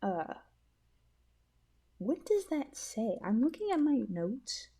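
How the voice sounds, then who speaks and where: A woman hosting a casual solo podcast, rambling and giggly, often bursting with excitement. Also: a little high, takes it slowly, slightly rough. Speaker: podcast host.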